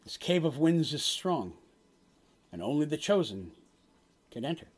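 A solemn tribal prophetess foretells a dark season, as a man game master puts her on. She speaks slowly and gravely, in long weighty phrases. Her pitch moves up and down a lot. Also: very animated. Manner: slow, grave pronouncements.

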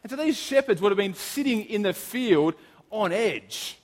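A young man, preaching a casual sermon, telling stories in a chatty, animated way with lots of fillers and restarts. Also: sits high, normal speed. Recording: long hall reverb.

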